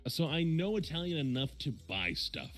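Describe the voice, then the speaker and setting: A man with a Midwestern American accent chats casually as a stream host. His pitch swings lively up and down as he rambles, restarts and corrects himself, and faint music plays behind him. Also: normal speed. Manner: rambling, many fillers and self-corrections. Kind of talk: casual chat.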